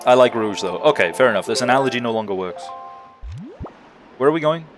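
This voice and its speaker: A man's voice: mid-range voice, a little fast, soft background music. A young man streaming a video game, chatting casually and telling stories with lots of laughter and swearing. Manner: lively, laughing, swearing storyteller. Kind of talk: casual gaming livestream chat.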